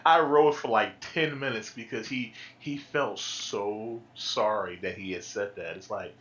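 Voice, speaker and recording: A man's voice: fairly low pitch, slow pace, pushed and bright. A man chatting casually on a stream, telling rambling stories and laughing often. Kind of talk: casual group chat. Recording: muffled lo-fi audio.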